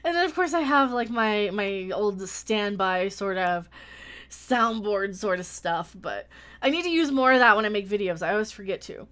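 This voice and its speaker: A woman's voice: medium pitch, expressive, moderate pace. Chatty woman hosting a livestream. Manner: chatty, thanks viewers warmly, frequent restarts. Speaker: YouTube channel host. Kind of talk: casual livestream chat.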